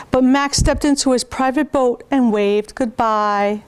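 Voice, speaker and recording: A woman reading picture books aloud at a preschool storytime, pausing to point out pictures to her young listeners. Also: high voice, clean tone.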